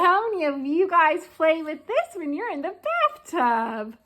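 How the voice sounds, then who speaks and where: A woman teaching small children letter sounds in a slow, sing-song voice. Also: extremely high pitch, big pitch swings, fairly bright tone. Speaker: preschool teacher. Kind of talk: children's phonics lesson.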